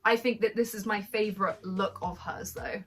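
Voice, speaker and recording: A woman's voice: mid-range voice, fairly even intonation, normal speed, fairly bright tone, soft background music. A young woman hosting a review show, giving blunt opinions in casual chat. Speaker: podcast host.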